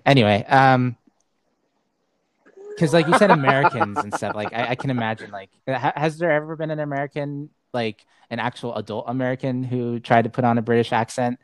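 A man's voice: medium pitch, smooth, dry recording. Chatty male podcast host, dry sound. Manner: chatty, filler-heavy, laughs easily. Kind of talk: casual podcast conversation.

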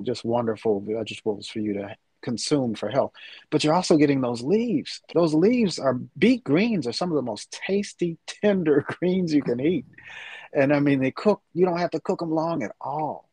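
A man's voice: medium pitch, darkish tone, husky, no echo. A middle-aged man in a casual chat, talking with rambling enthusiasm. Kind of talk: casual chat about food.

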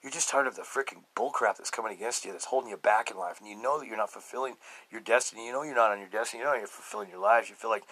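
A middle-aged man hosting a podcast, telling his own story emphatically and swinging between loud outbursts and low murmurs. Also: rapid-fire, slightly rough, poor audio. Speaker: podcast host. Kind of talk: personal testimony monologue.

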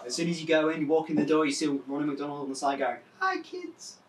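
A man's voice: a little high, flat delivery, racing, distant mic, a loud crowd. A man co-hosting a podcast, trading crude jokes and teasing his friends with frequent laughter. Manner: joking, teasing, laughs often. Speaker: podcast co-host. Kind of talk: crude casual banter. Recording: roomy sound from off-mic with faint noise.

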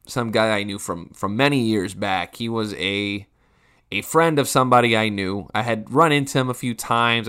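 A man's voice: lowish voice, a bit bright, clear, resonant tone. A man around thirty ranting casually for laughs, rambling and swearing, often restarting his sentences and poking fun at himself. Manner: rambling, profane, self-mocking, frequent restarts. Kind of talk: casual comedic rant.

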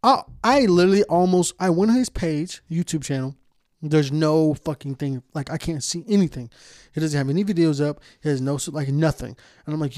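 A man's voice: on the high side, brisk, a little mellow, no room sound, studio quality. A man hosting a casual podcast, talking with heavy swearing and frequent laughter as he rants. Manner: profane, laughing, ranting. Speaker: podcast host.

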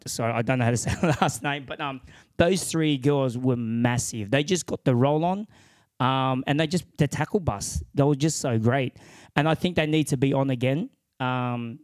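A man's voice: medium pitch, clear, resonant tone, no echo. A man co-hosting a casual sports podcast, chatting in an easygoing way full of fillers. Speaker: podcast co-host.

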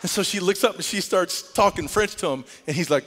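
Animated preacher in a reverberant hall. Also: male voice, sits high, brisk, slight background noise. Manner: animated storytelling, rising to shouts. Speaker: pastor. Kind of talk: sermon. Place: church sanctuary.

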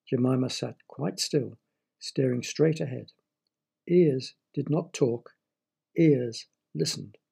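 A man narrating a short story in a measured, expressive storybook reading. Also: mid-range voice, vocal fry, breathy edge.

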